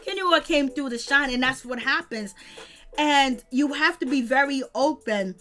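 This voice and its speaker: A woman hosting a casual live commentary, talking in slangy, animated asides straight to her viewers. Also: high voice, normal speed. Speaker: reality-TV commentary host.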